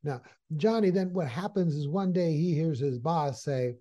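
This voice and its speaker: A man teaching hypnosis, telling a story in an animated, folksy way. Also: a little high, moderate pace. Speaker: hypnosis trainer. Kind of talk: storytelling lesson.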